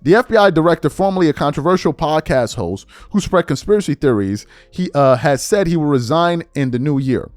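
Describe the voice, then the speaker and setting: A man's voice: fairly high pitch, animated, a little fast, few pauses, dry recording, soft background music. A middle-aged man hosting a political commentary monologue, incredulous and full of rhetorical questions.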